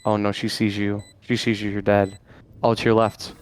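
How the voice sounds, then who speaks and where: A man playing a team shooter over voice chat, giving quick callouts to his team. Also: on the low side, little pitch movement, noisy background. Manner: quick game callouts, laughs easily. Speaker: student player. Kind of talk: casual gaming callouts.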